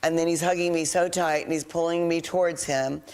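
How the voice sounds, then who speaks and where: An older woman telling a story in casual chat, animated and dramatic as she acts out the voices. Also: on the low side, brisk, smooth. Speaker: reality show housemate.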